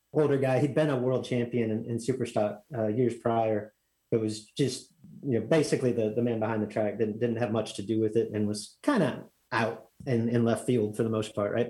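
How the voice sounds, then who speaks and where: A man's voice: mid-range voice, a little mellow, low-quality recording. A man from Texas, telling a rambling story as a guest in a casual chat, full of fillers and restarts.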